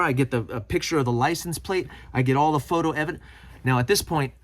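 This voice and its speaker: A middle-aged man hosting his own channel, telling a personal story to camera and acting out the people he quotes. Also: medium pitch. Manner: animated, acts out quoted people. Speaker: channel host.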